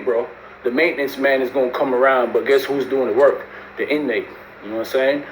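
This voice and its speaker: A man spins a long story in loose, slangy speech. He keeps slipping into the voices of the people he quotes. The recording has a roomy echo and a faint hiss of background noise. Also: medium pitch. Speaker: storyteller recounting prison life. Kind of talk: casual storytelling.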